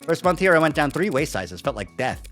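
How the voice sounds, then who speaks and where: A streamer voicing a brash, upbeat coworker who talks in a quick, breezy, matter-of-fact way, reading game dialogue aloud. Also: mid-range voice, sing-song, a bit bright, faint music behind.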